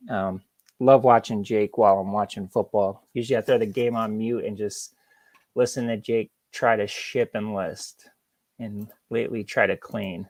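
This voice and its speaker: A man's voice: mid-range voice, darkish tone, no room sound. A young man hosting a casual morning live stream, chatting easily and greeting viewers by name. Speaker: livestream host.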